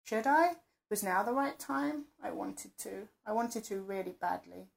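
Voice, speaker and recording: A woman narrating an intimate first-person audio story in a soft, close, breathy storytelling manner. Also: mid-range voice, a little slow.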